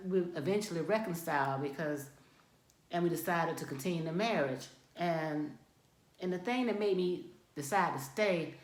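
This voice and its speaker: A middle-aged woman tells a personal story in a lively, animated way, laughing now and then as she goes. Her voice sits a little low for a woman. The recording carries a noticeable room echo. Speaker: divorce coach. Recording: echoey room.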